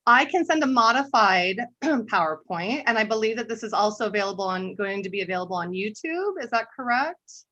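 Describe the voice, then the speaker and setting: A woman art therapist giving a conversational webinar talk, telling a story and often clearing her throat. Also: mid-range voice, animated, a little fast, sharp tone. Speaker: art therapist and workshop presenter. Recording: dull lo-fi webinar audio.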